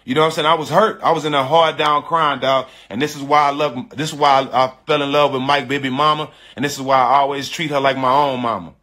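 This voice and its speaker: A man casually telling a personal story to an online audience, animated and emphatic, repeating phrases and calling his listeners "dog" and "bro.". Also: mid-range voice, fast, hardly any pauses. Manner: frank and confessional, with slangy speech.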